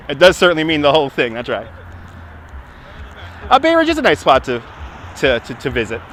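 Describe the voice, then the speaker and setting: A man's voice: on the high side, huge pitch swings, moderate pace, long pauses, fairly bright tone, a little hiss or hum. A man with a Brooklyn accent hosting a casual live stream on a city waterfront, chatting, laughing often and thanking donors, recorded on a phone on a gimbal. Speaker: livestream host.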